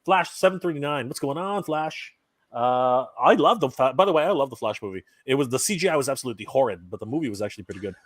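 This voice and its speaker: A Canadian man hosting a live stream in casual chat, reading out viewer comments and giving upbeat shout-outs. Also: mid-range voice, lively intonation, quick pace, no echo.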